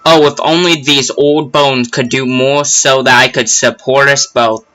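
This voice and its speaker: A man's voice: medium pitch, steady tone, unhurried, bright, forceful tone, rough recording. A man voicing an emotional old mother in a video game, reading her lines with a fussy put-on accent. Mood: tender.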